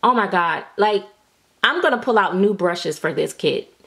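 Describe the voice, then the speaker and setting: A woman reviewing doll kits in a casual vlog, gushing with frequent excited exclamations and using Southern vernacular like "y'all". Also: mid-range voice, normal speed, gravelly. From United States.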